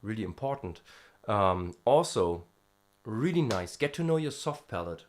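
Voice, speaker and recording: With a mid-range, sing-song voice at a moderate pace, a man from Europe hesitantly explains vocal technique in his casual singing-lesson vlog. As a vocal student vlogger, he leans on many fillers and slips into brief sound demonstrations.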